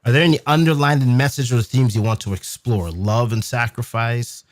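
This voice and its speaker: A man hosting a casual livestream, reading out questions in a brisk, matter-of-fact way. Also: medium pitch, fairly even intonation, no echo, clean studio sound.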